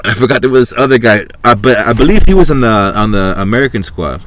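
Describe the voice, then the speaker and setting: A man's voice: mid-range voice, lively intonation, fast, a bit bright. A man hosting a podcast, talking casually into a podcast mic in a loose, rambling way full of fillers and swearing. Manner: rambling, filler-heavy and profane. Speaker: podcast host. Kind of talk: casual chat. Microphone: podcast microphone.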